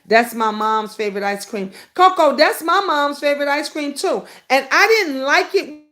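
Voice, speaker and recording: A middle-aged woman hosting a casual live stream, chatting with viewers by name and breaking into high, excited bursts. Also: moderate pace. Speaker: livestream host.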